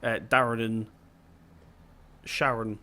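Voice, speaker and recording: A man's voice: mid-range voice, level tone, takes it slowly, sharp tone. A young man giving casual let's-play commentary as a gaming video host, chatty and rambling, often stopping to correct himself.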